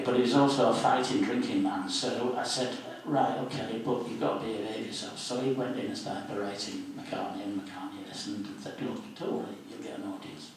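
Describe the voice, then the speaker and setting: A man in his seventies with a medium-pitched voice, a former student union officer, is interviewed as a guest at a public meeting in a civic hall. He tells anecdotes like a lively raconteur, briefly acting out the voices of people he quotes. The mic is distant and the hall very echoey.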